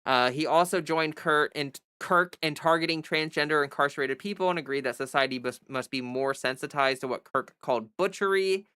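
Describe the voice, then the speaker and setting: A woman's voice: deep voice, fairly quick, few pauses, a bit bright, smooth, no room sound, studio quality. A young woman hosting a livestream, reading a news article aloud and breaking off into exasperated, sarcastic commentary. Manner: reads news text, then breaks off into exasperated sarcastic asides.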